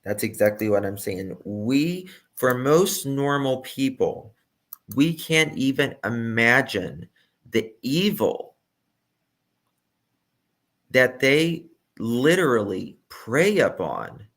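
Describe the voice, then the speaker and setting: A man's voice: mid-range voice, sing-song, slow, fairly bright tone. A man giving emphatic true crime reaction commentary and repeating his key points.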